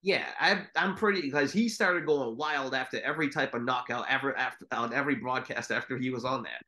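A man's voice: mid-range voice, fairly quick, bright, forceful tone. A man co-hosting a podcast, chatting casually and rambling with swearing. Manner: rambling, swears, mimics commentators. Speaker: podcast co-host. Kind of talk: casual chat.

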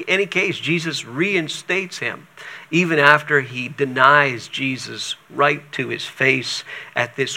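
A man's voice: medium pitch, gravelly, sharp tone. A man teaching from the Bible, reading passages aloud and breaking in with casual asides. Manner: reads scripture aloud then adds casual asides.

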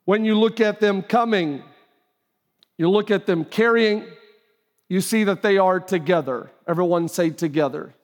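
High-voiced animated pastor preaching. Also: male voice, a little slow. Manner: conversational, animated, acts out quoted voices. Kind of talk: sermon. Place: church auditorium. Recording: live hall with long reverb.

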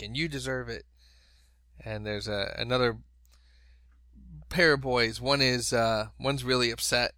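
A middle-aged man co-hosting a casual chat, telling stories with animated energy. His tone is bright and forceful, and his voice sits mid-range. The sound is close and dry. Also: medium pitch, no room sound. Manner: animated storyteller, laughing asides.

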